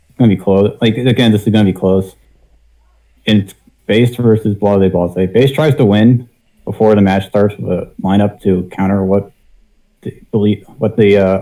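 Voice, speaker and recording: Low mellow man rambling through picks. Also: low-quality recording. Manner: rambling, repeats himself, thinks aloud. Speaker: panelist. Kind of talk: casual panel chat.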